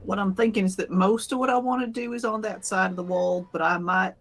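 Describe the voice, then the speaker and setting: A man's voice: sits high, fairly even intonation, brisk, a bit bright. A man playing a tabletop role-playing game in an easygoing way, laughing often. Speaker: player. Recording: music bed behind.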